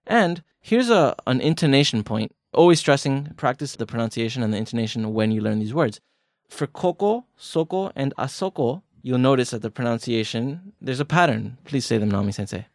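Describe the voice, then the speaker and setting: A man's voice: medium pitch, a little fast, hardly any pauses, no echo, studio quality. A man hosting a language lesson podcast, teasing his co-host and stretching words for emphasis. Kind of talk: playful language lesson banter.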